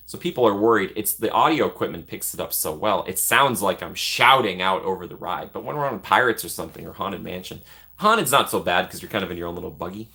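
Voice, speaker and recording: Rambling, chuckling bright-voiced man. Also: fairly low pitch, expressive, fairly quick. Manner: rambling, self-deprecating, laughs often. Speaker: vlogger. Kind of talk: casual chat.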